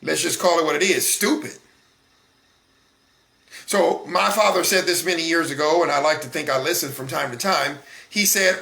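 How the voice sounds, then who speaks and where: A man's voice: fairly high pitch, normal speed, creaky, long pauses, bright, forceful tone. A man in his forties hosting a solo talk broadcast, speaking in a conversational, emphatic way with frequent fillers and restarts. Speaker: broadcast host. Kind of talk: solo talk show monologue.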